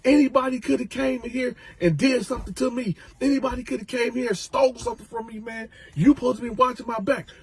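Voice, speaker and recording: A man voicing an angry, menacing male prison inmate who shouts threats. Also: extremely high pitch, quick pace, few pauses, a little hiss or hum, pitched above the performer's own voice.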